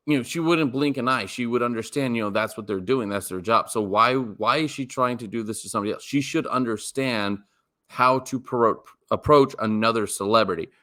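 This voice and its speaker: A man's voice: on the low side, bright, forceful tone. A man co-hosting a sports podcast, talking in a rambling, emphatic way with many fillers and restarts. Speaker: podcast co-host. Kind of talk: casual sports podcast chat.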